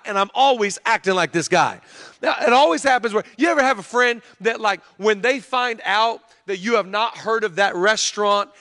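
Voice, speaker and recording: A man in his thirties preaching a sermon, chatting with the crowd and building to loud preaching in a church. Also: high voice. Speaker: pastor. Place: large church hall. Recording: long hall reverb.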